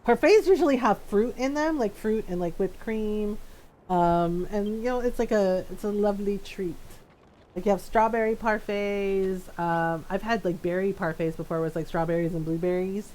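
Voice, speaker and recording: A woman's voice: mid-range voice, moderate pace, a little mellow, a little hiss or hum. A woman streaming a video game, chatting casually and rambling with frequent giggles. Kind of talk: casual gameplay chat.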